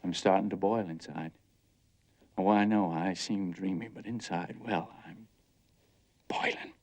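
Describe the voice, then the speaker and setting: Restless young man, 1950s film, low voice, dreamy, bitter. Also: measured pace, darkish tone. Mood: brooding. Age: young adult. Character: restless young man yearning to leave home. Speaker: restless son.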